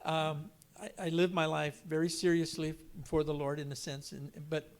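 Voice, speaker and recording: An older man giving an earnest personal testimony on a panel, halting and restarting as he speaks. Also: a little high, flat delivery. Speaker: panel guest.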